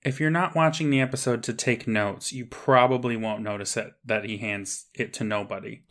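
A man's voice: medium pitch, steady tone, normal speed, fairly bright tone. A man co-hosting a podcast, chatting casually about a TV episode with laid-back, wry remarks. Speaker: podcast co-host.

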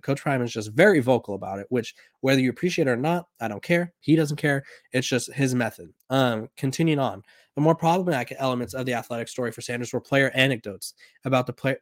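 A man's voice: mid-range voice, no echo. Casual sports talk man, dry close sound. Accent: slight Southern. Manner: casual, rambling with restarts and fillers. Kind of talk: reading an article aloud and commenting.

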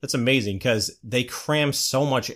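A man's voice: mid-range voice, unhurried, a bit bright. A man co-hosting a podcast in casual chat, easygoing and agreeable. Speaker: podcast co-host.

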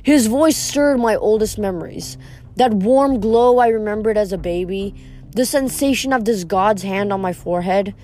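A woman reading a novel aloud in first person, steady, with the odd stumble over a word. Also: mid-range voice, normal speed. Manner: steady first-person storytelling with small slips. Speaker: reader.

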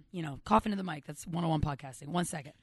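A woman comedian guesting on a podcast, telling stories and cracking crude jokes in a deadpan way. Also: sits low, quick pace, husky, no room sound. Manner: dry, deadpan crude humor. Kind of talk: casual comedy podcast chat.

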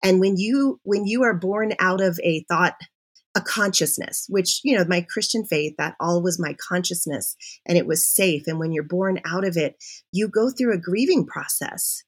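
A middle-aged woman tells her own story on a podcast in a candid, animated way, often cutting herself off mid-thought. Her voice sits a little low and has a husky, breathy edge. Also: normal speed. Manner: animated and confessional, with self-interruptions. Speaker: podcast guest.

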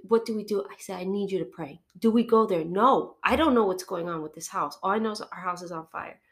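Gravelly-voiced woman telling a personal story. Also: mid-range voice, a little fast. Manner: animated storytelling, acting out phone calls. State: sniffling from allergies. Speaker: podcast guest. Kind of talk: emotional personal testimony.

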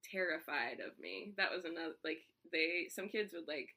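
A woman chatting as a guest, talking freely with lots of fillers and laughs. Her voice is bright and forceful and sits slightly low. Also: animated, moderate pace. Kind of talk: casual chat.

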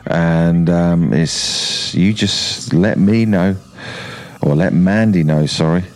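A man co-hosting a casual podcast chat, with dry, deadpan teasing. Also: low voice, slow pace. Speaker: podcast co-host.

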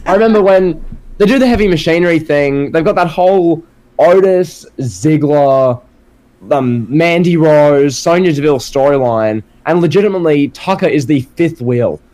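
Male podcast co-host, a little high-pitched, wry dismissive banter. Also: normal speed, a little mellow, low-quality recording. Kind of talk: casual chat.

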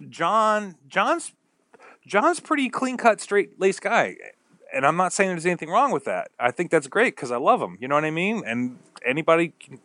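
A man's voice: a little high, fairly bright tone, no echo, clean studio sound. A man chatting casually as a podcast guest, rambling through a story and acting out what people said. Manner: rambling storyteller who acts out quotes. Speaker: podcast guest, pedal builder.

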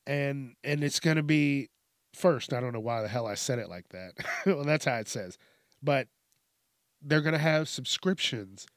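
This comedic news commentary host rants with heavy swearing and frequent laughter. His voice is on the high side, recorded dry at studio quality.

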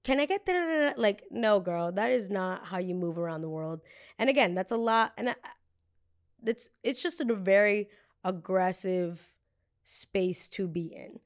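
A woman's voice: medium pitch, unhurried. Blunt young woman from New Jersey. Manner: blunt, animated, swears freely; acts out other people's lines in the story. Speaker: podcast host. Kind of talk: casual storytime monologue.

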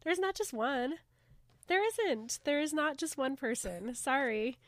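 A woman's voice: sits high, lively intonation, a little slow, fairly bright tone, dry recording. A woman co-hosting a casual chat, gushing and emotional about the story. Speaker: podcast co-host.

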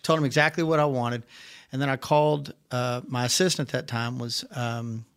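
A man's voice: medium pitch, moderate pace, smooth. Laughing man telling a story. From Arkansas. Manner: animated, laughs often while telling. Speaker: guest. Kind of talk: casual storytelling.

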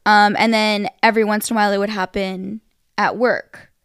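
A young woman co-hosting a podcast, chatting in a relaxed, agreeable way. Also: medium pitch, moderate pace, smooth, no echo, studio quality. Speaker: podcast co-host. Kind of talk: casual chat.

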